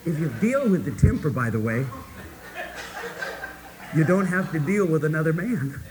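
A man preaching a sermon to his congregation, emphatic and folksy, swinging between hushed asides and loud, rising points. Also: fairly high pitch, animated, normal speed, background noise. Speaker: pastor.

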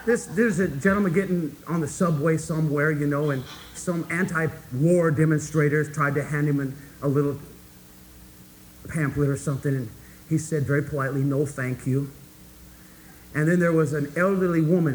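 Emphatic folksy preacher, fairly high voice. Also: male voice, a little hiss or hum, poor audio. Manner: emphatic, folksy, swings from hushed to loud. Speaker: pastor. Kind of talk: sermon.

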